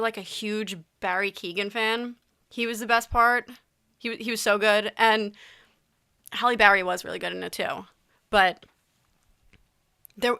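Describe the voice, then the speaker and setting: A woman's voice: a little high, sharp tone, clean tone. A young woman vlogging in a casual, rambling chat, often restarting her sentences. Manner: chatty, rambling, with frequent restarts and asides.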